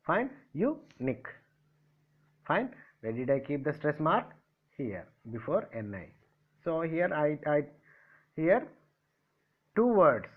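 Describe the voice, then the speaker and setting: A man from India teaching a grammar lesson, spelling out letters and asking and answering his own questions. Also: a little high. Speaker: English teacher. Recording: tinny phone-like audio.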